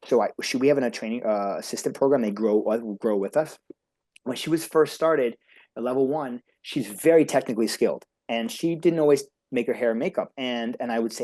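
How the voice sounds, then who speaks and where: Speaking fairly quickly in a mid-range, darkish voice, a beauty industry coach guests on a podcast. He's eager, emphatic, and highly talkative, running on at length in an energetic, motivational manner.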